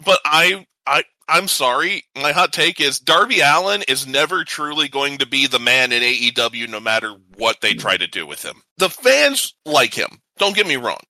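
Upbeat, opinionated male podcast co-host; very bright, sharp tone, dry close recording. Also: medium pitch, expressive, normal speed, hardly any pauses, no room sound, poor audio. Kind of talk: casual podcast chat.

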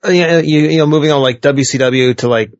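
A man's voice: a little high, brisk, no room sound. A man in casual chat, leaning heavily on fillers like "like" and restarting his sentences often. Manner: filler-heavy, many restarts. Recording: dull lo-fi sound.

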